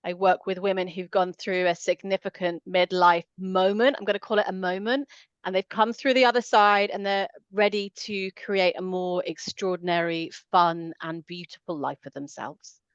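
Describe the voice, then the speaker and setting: A woman's voice: lowish voice, fairly even intonation, normal speed, clear, resonant tone, dry recording. Woman, slightly dull call audio. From England. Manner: warmly agreeing, many short affirmations. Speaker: guest, transformational coach. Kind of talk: casual chat on a video call. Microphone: video call.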